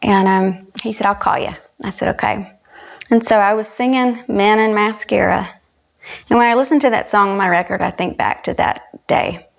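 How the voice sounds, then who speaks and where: A woman's voice: medium pitch, normal speed, gravelly. A woman from South Carolina with a Southern US accent, earnestly telling a personal story as a guest and retelling dialogue. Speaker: guest, country singer.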